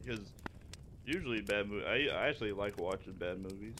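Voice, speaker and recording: A man's voice: on the low side, fairly quick, pushed and bright, slight background noise. A man co-hosting a podcast, rambling with restarts and crude jokes in casual chat. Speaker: podcast co-host.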